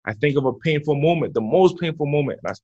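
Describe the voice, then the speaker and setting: A man with a somewhat high voice speaks with coaching energy, circling back and repeating himself as he builds his point. The sound is dull and lo-fi, like a muffled podcast feed. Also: animated, quick pace, dark tone. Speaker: guest. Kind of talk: motivational interview talk. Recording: muffled lo-fi audio.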